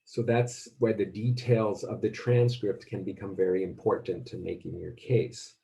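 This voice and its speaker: A man's voice: fairly low pitch, fairly even intonation, normal speed, creaky, warm tone. A man lecturing a class, thinking aloud and often restarting his sentences.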